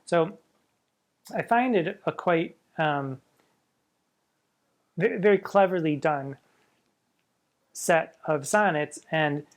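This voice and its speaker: Slow and leaving long pauses, a man with a fairly high voice talks through poetry in a casual, musing way. He's a drag performer who reads the verses with obvious relish and slips in wry, self-deprecating asides.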